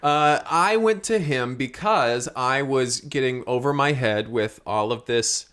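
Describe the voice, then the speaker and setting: A man co-hosting an improvised comedy podcast, talking in a flustered, apologetic, rambling way that jumps up suddenly in pitch. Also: measured pace, a bit bright, clean tone. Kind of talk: improvised comedy chat in character.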